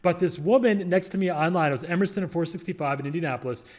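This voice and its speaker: Fast-talking man rambling through advice. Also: a little high, a little mellow. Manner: rambling, joking, many fillers and restarts. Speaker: real estate investor and show host. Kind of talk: casual advice monologue.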